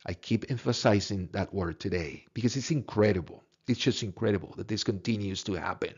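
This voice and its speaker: A man's voice: on the low side, lively intonation, moderate pace, a little mellow, highs cut off. A man giving a recorded philosophy lecture in an earnest, emphatic way, repeating words and asking rhetorical questions.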